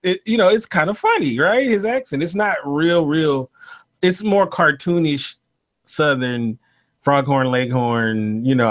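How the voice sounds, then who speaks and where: A man's voice: fairly high pitch, a little slow, a bit bright. A man hosting a casual panel podcast, talking animatedly with frequent laughs and fillers. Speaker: podcast host.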